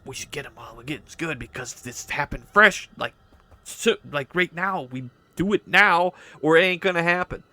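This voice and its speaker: A man's voice: on the high side, animated, normal speed, pushed and bright, pitched above the performer's own voice. A man doing a pushy hunter. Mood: urgent. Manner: urgent, pushy. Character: brash impatient male hunter.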